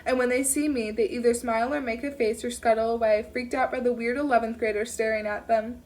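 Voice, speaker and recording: A woman narrating a first-person audiobook in a steady reading voice, now and then correcting herself. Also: fairly high pitch, brisk, far from the mic. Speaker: audiobook reader.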